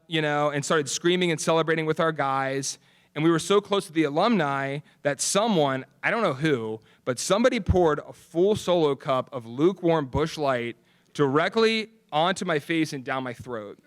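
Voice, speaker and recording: Young guy at an awards ceremony telling stories, kinda high voice, real clear and smooth. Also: fairly bright tone. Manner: earnest storytelling with chuckles and casual fillers. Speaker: alumni award speaker. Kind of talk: ceremony acceptance speech. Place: ceremony venue.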